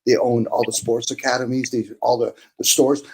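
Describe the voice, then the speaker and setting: Casting note: man in casual talk, blunt and profane, mid-pitched voice, faint hiss behind. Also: flat delivery, normal speed, darkish tone, rough recording. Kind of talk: casual opinionated chat.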